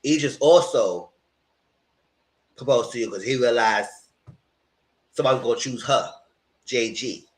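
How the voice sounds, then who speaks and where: A man giving casual, gossipy reality TV commentary, animated and freely profane. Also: mid-range voice, measured pace, pauses often.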